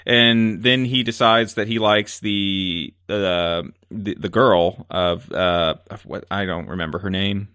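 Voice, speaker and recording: A man co-hosting a casual movie review chat, ranting in an animated way and filling his talk with "like". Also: low voice, takes it slowly, hardly any pauses, clear, resonant tone, no room sound, clean studio sound. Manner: animated ranting, filler-heavy. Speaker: podcast co-host.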